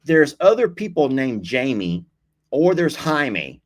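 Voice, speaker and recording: Lively man chatting on a livestream. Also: medium pitch, takes it slowly. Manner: chatty, laughs often, teasing and apologetic. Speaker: livestream host reading viewer comments. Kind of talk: casual live-stream chat.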